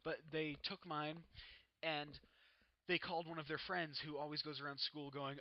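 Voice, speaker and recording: A man's voice: a little high, level tone, moderate pace, dry recording, lo-fi sound. A teenage boy chatting casually over gameplay, rambling and cutting himself off as he tells stories. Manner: rambling, self-interrupting storyteller. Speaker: gaming vlogger.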